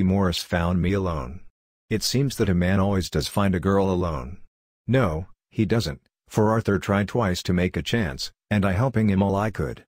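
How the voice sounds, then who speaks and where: A man reading an audiobook aloud in a steady, gentle storytelling manner. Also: deep voice, no room sound, clean studio sound. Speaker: audiobook reader. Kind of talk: audiobook narration of a letter.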